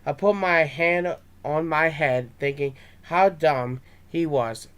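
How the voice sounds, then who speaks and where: A man's voice: fairly high pitch, slow pace, a bit bright, smooth. A young man reading his own fan story aloud, with small stumbles and restarts.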